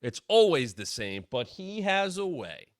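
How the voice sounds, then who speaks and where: A man hosting his own wrestling talk show, giving casual solo commentary and quoting people in quick asides. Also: fairly high pitch, no echo, studio quality. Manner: animated, drops into quoted voices.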